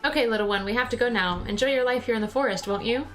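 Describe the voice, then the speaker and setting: A woman's voice: a little high, very fast, soft background music, pitched above the performer's own voice, natural voice. A woman voicing an earnest, polite young boy wizard while reading game dialogue aloud. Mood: gentle. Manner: earnest, gentle.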